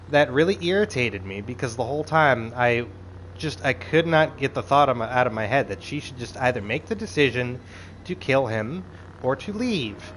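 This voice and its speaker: A man's voice: medium pitch, a little hiss or hum, poor audio. A man giving a casual, profane recap commentary, ranting with exasperated energy and acting out quoted lines. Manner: animated, profane, exasperated rants with quoted asides. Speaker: show reviewer.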